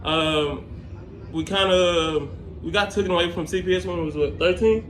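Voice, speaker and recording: A young man talking casually to camera, rambling and halting with many fillers. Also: on the high side, steady tone, fairly bright tone, reverberant, a little hiss or hum. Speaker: scholarship applicant.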